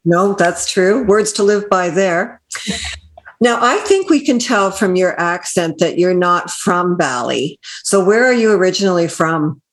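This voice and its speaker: A woman's voice: lowish voice, expressive, unhurried. A Canadian woman from Ontario who hosts a podcast, asking curious, friendly questions in a casual interview. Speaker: podcast host. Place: London, Ontario.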